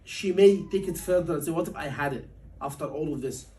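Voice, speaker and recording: A man teaching a surgery exam class, animated and asking his students questions often, acting out patient lines. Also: on the high side, fairly quick. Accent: Liverpool. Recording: voice from a distance.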